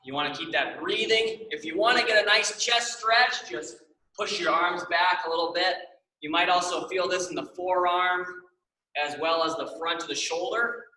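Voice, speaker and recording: A young man coaches a stretching class in an upbeat, encouraging way, often checking in with his students. His voice is fairly high and bright. The room is echoey and he stands away from the mic. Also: normal speed, recorded from a distance. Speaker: exercise class instructor.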